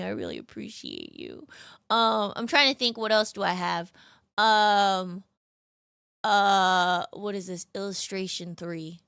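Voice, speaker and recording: Bubbly, bright-voiced young woman streamer. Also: medium pitch, very animated, a little slow, creaky, dry recording, studio quality. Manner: bubbly, rambling, cutesy slang. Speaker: VTuber streamer. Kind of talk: casual live-stream chat.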